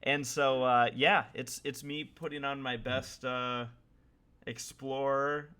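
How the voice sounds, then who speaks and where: A man's voice: medium pitch, fairly even intonation, slow pace, pushed and bright, clear, resonant tone. Podcast host, male, thirties, loose and chatty, full of ums and restarts. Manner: rambling, chatty, lots of fillers and restarts. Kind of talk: casual podcast chat.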